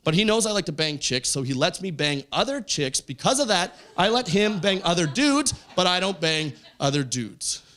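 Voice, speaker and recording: A young man tells a stand-up story on stage, his fairly high voice leaping up and down as he acts out each person. He shouts some punchlines and drops low for others. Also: normal speed, few pauses. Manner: animated, voices quoted friends, yells punchlines. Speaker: stand-up comedian. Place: comedy club stage. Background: audience laughter.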